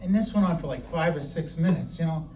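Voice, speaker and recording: A man's voice: fairly high pitch, fast talker, warm tone. A middle-aged man from the New Hampshire seacoast, doing rambling, self-deprecating stand-up comedy full of fillers. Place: open mic venue. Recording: echoey room, distant mic, noisy.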